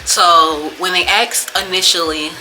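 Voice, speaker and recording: A young woman rants to her own camera in a casual vlog, cursing freely as her frustration spills out. Her voice is bright and edged, sitting a touch low for a woman. Faint music plays behind her. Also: fairly even intonation, measured pace. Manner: profane, frustrated ranting. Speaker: vlogger.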